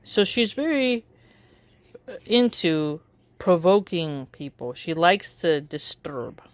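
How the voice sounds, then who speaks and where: A woman giving casual opinion commentary in a wry, measured way, drawing out her phrases with pauses. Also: fairly low pitch, lively intonation, no room sound. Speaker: political commentary vlogger.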